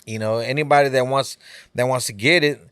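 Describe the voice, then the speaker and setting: A man's voice: medium pitch, steady tone, fairly bright tone, clean tone, no room sound, studio quality. Laid-back man with a Texas Southern accent. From California. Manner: laid-back, drawn-out phrasing with many "you know" fillers. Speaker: guest rapper. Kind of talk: casual podcast chat.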